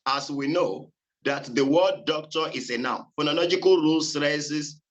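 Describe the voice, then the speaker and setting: A man presenting a seminar on phonology, reading in a halting way with many fillers and repeated words. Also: a little high, lo-fi sound. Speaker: student presenter.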